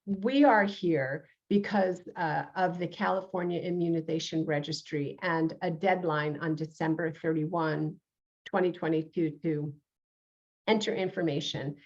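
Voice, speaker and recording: New york lady hosting her show, lowish voice, kinda dull lo-fi sound, lots of uhs. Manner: earnest, with many uhs and restarts. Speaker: show host, reverend. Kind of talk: interview show introduction.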